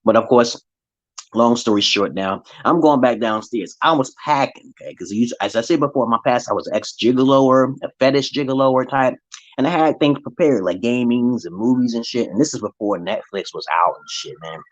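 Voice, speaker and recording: A man tells a rambling personal story straight to the camera, swearing freely and breaking into exaggerated voices whenever he quotes someone. His voice sits at a middle pitch. The sound is dry and close, with dull, lo-fi audio. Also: normal speed, no room sound. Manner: profane, animated, acts out quoted voices. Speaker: vlogger. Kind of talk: casual storytelling monologue.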